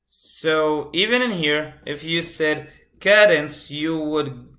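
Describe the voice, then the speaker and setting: A man's voice: a little high, takes it slowly, pushed and bright. A man instructor giving a live coding lecture, repeating key phrases and asking the class questions. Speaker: computer science instructor.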